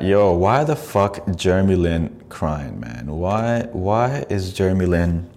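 A man's voice: deep voice, slow, few pauses. A man hosting a casual podcast, reacting to video clips with profane, mocking commentary. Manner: profane, mocking, animated asides. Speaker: podcast host.

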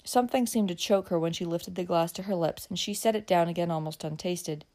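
A woman narrating a classic novel as an audiobook reader, with expressive storytelling. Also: lowish voice, fairly quick.

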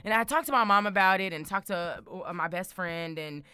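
A young woman chatting casually to her viewers, bold and excitable, repeating words for emphasis. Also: fairly low pitch, fairly quick, clear, resonant tone, dry recording, soft background music. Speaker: vlogger.

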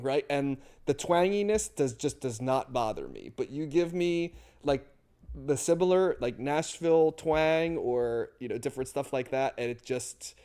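Man, casual podcast chat, rambling, fillers, a bit high-pitched. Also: mellow. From US Northeast, near New York and Philadelphia. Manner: rambling, thinks aloud with many fillers. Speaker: podcast co-host. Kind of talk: casual music discussion.

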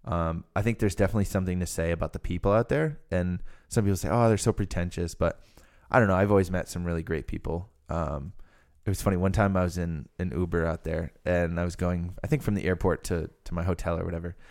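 Young man, deep voice, smooth and clear, rambling casual podcast chat, lots of ums. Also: steady tone, fast talker, hardly any pauses, darkish tone. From Rhode Island. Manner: chatty, rambling with many fillers. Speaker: podcast host.

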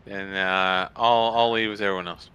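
A man's voice: low voice, steady tone, moderate pace, sharp tone, smooth. A man chatting casually as a player in a tabletop game, loose and profane. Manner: loose and swearing, laughing easily.

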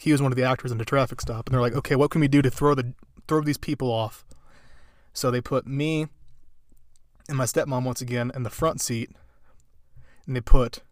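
A man's voice: mid-range voice, no room sound. Dry-sounding young man telling stories. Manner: rambling, amused, filler-heavy. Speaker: podcast host. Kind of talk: casual storytelling.

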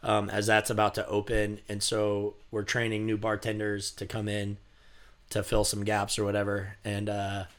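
A man's voice: lowish voice, monotone, normal speed, fairly bright tone. A man telling a bartending story in casual chat, full of fillers and bursts of laughter.

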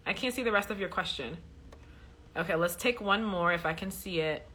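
A woman with a lowish, pushed, bright voice hosts a faith livestream at a moderate pace, teaching casually as she answers viewer questions. She's chatty, full of fillers, and drives points home preachily with a repeated "okay?"; slight background noise is present.

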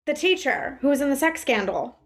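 A woman's voice: high-pitched, expressive, a little fast. A woman guest on a podcast, chatting casually and rambling in a profane, self-deprecating way. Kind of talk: casual chat.

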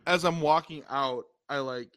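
A man's voice: a little high, wildly swooping pitch, slow, bright, forceful tone, no echo. A man telling a rambling, giggly story in casual chat, full of "like".

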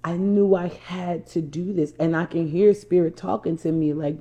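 A woman's voice: lowish voice, steady tone, normal speed, warm tone. A woman from New Jersey, a life coach, telling a personal story to viewers in an emphatic, repetitive way and calling them y'all. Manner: emphatic, repeats herself, addresses viewers as y'all.

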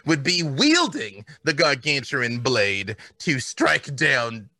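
Wordy, playful man with a lively voice. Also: mid-range voice, slow, no echo. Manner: wordy, mock-formal and playful. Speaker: co-host and lore expert. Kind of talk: casual livestream chat.

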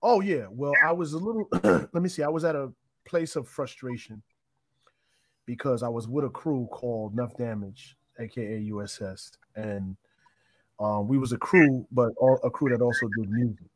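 A man's voice: mid-range voice, moderate pace, no echo, low-quality recording. A man as an interview guest, telling his own story in a casual, reflective way and often restarting his sentences. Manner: reflective, meandering, with frequent restarts.

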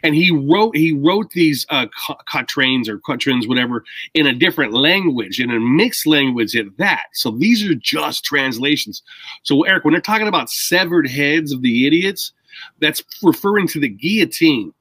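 A man's voice: on the high side, animated, moderate pace, pushed and bright, breathy edge, dry recording, low-quality recording. A man co-hosting a casual chat, explaining at length in a rambling, emphatic way and stressing key words.

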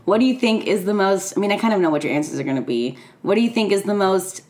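A woman with a raspy voice, co-hosting a casual podcast and giggling through a filler-heavy chat. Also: mid-range voice, expressive, fast, darkish tone. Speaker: podcast co-host.

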